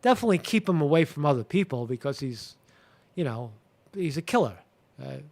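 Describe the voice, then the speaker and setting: A man's voice: fairly high pitch, very animated, vocal fry, darkish tone. Rambling man hosting a live commentary show. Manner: rambling, halting, many fillers and restarts, crude language. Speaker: show host. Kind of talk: casual live-stream commentary.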